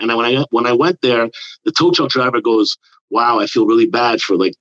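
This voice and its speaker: A man's voice: mid-range voice, brisk, no room sound. A man, telling a rambling, profane story in casual podcast chat. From New York area. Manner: profane, rambling, animated with put-on quotes. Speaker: comedian guest. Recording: dull lo-fi dry sound.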